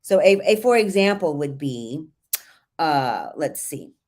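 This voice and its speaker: A middle-aged woman with a trained voice, a voice and confidence coach giving lively, demonstrative live tips. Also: low-pitched, slow. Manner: lively, demonstrative, exaggerates vocal fry and sung phrases to teach.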